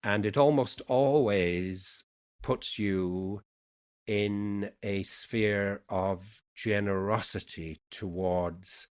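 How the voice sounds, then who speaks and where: Lyrical poet with a Yorkshire-Irish-American accent. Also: male voice, lowish voice, clean tone. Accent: mixed Yorkshire, Irish and American. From England, Yorkshire. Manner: lyrical, unhurried, thoughtful. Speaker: guest poet. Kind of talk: reflective conversation.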